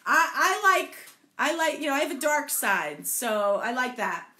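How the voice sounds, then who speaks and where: A woman's voice: high voice, very animated, a little slow, sharp tone, echoey room. A playful woman leading a live group storytelling session, encouraging her participants and joking about tongue twisters. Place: indoor room, also streamed to Facebook.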